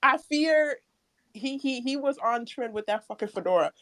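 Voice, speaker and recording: A young woman with a lively, fairly high voice talks bluntly and jokes. The sound is close and dry. She speaks as one of several friends chatting in an online book club. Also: normal speed, no echo. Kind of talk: casual group chat.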